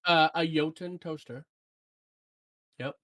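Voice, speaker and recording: A woman co-hosting a gaming podcast, reading out listener comments in casual chat and breaking into excited shouts. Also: sits low, takes it slowly. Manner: animated, jumps to excited shouts. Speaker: podcast co-host.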